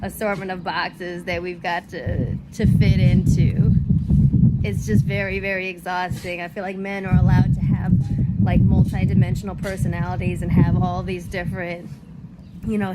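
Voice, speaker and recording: A young woman content creator in an animated, exasperated rant, emphatic and swearing often. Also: fairly low pitch, normal speed, heavy background noise.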